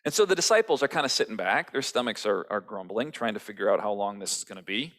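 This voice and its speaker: A male pastor giving a sermon in a relaxed, conversational storytelling way. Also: lowish voice, quick pace. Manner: conversational storytelling, acting out quotes.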